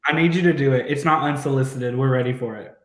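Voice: medium pitch, fast talker, a little hiss or hum. Teasing voice in an echoey room. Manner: enthusiastic, teasing. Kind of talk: casual livestream chat. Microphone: video call.

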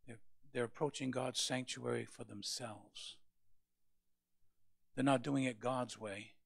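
A male pastor preaching a sermon, with passionate rises to loud peaks. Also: mid-range voice, steady tone, takes it slowly, gravelly, slightly rough, no room sound, studio quality.

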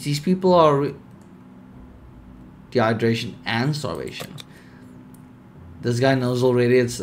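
A young man casually commenting on a survival game, reading its text aloud, laid-back and sleepy with sudden bursts of excitement. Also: medium pitch, a little hiss or hum. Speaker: streamer.

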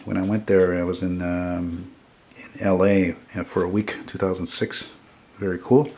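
A man's voice: sits low, flat delivery, warm tone, slight background noise. Enthusiastic man in his forties. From Montreal, Canada. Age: 40s. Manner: rambling and enthusiastic, quick with self-corrections. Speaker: photographer selling his car prints. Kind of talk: casual sales walkthrough.

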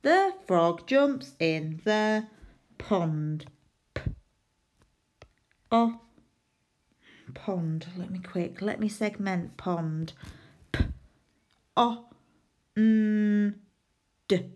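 A woman teaching a phonics lesson to young children, sounding out letters and playfully pretending to make mistakes. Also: medium pitch. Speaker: primary school teacher.

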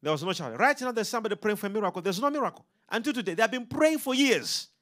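A man with a high-pitched voice races through an animated sermon to his congregation, filling it with call-and-response questions.

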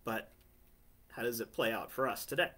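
Preaching a home sermon from his family living room, this man speaks in a mid-range voice at a moderate pace with a sharp tone. His style is conversational, and he often asks listeners "right?"

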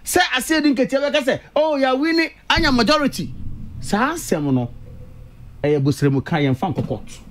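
Ghanaian male radio panelist, high lively voice, hammers his points home. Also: moderate pace, a little hiss or hum. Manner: emphatic, repeats key words, mixes English and Twi. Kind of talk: radio political discussion.

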